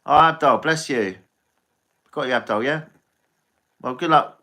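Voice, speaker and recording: Chatty English man with a bright voice. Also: mid-range voice, measured pace. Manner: rambling, chatty, swears freely. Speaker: tarot reader and livestreamer. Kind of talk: casual live-stream chat with viewers.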